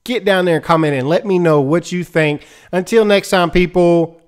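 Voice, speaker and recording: A young man talking casually to camera in a lively, chatty recap, laughing easily and acting out quotes. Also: high voice, normal speed, slight background noise. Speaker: show recap vlogger.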